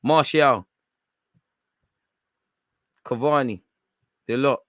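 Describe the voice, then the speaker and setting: Excitable man calling a football match live. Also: mid-range voice, very slow, dry recording, studio quality. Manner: excitable, slangy banter with bursts of shouting at big chances. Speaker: football watchalong streamer. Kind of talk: live match reaction commentary.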